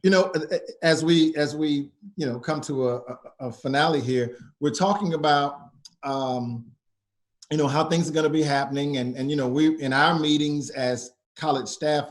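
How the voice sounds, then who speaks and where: A man hosts a casual talk for a college. His voice sits a bit high, and he often restarts sentences and fills gaps with filler words. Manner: halting, many restarts and fillers. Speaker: college staff host.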